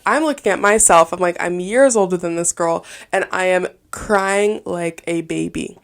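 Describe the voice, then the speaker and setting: Speaking at a normal speed with a lowish, creaky voice, this podcast host is a woman in her twenties. Her solo show is casual, and she tells personal anecdotes frankly and conversationally, with lots of filler words.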